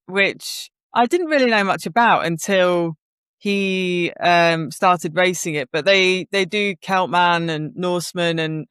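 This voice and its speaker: An easygoing woman co-hosting a podcast, telling a story as it comes to her and wondering aloud along the way. Her voice is smooth and clean, and it is recorded close and dry. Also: lowish voice, fairly bright tone, dry recording. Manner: easygoing storyteller, curious, thinks aloud with fillers. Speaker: podcast co-host. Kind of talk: casual chat.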